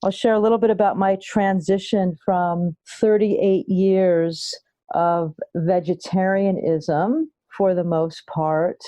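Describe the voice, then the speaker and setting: A middle-aged woman hosting a podcast episode as a health coach, speaking in an unhurried, deliberate way. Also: on the low side, warm tone, dry recording. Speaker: guest host, health psychology coach. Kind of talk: podcast monologue.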